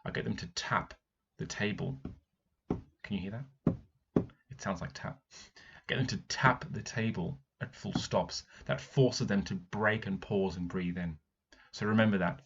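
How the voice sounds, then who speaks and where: Gravelly deep teacher. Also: male voice, unhurried, pauses often, dull audio. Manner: reads passages aloud, then breaks off to explain. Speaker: primary school teacher. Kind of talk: read-aloud book analysis.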